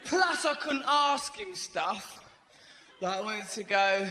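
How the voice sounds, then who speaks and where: A man doing stand-up comedy, telling stories in a fast, animated way with sudden put-on voices and bursts of shouting. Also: high-pitched. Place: large theatre stage. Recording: echoey live venue, crowd noise.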